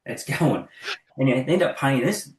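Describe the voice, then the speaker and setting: Speaking at a measured pace in a mid-range voice, a middle-aged Australian guest who works as a graffiti artist swaps anecdotes in a relaxed conversation. He's lively, voicing both parties in every story, and his recording carries an echoey room sound.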